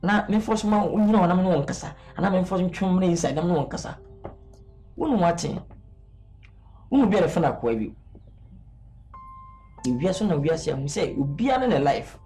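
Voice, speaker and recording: A man's voice: sits high, lively intonation, normal speed, pauses often, warm tone, faint music behind. A man with a Ghanaian accent playing a boastful rich big man in a comedy skit, swaggering and mixing English and Twi. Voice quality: swaggering, mixes English and Twi, laughs often.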